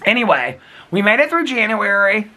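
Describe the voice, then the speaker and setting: A man's voice: high voice, very animated, brisk, bright, forceful tone. Giggly chatty man in his fifties. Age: 50s. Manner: giggly, chatty, calls viewers girl and honey. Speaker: vlogger. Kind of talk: casual daily vlog to camera. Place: outdoors in cold snowy weather.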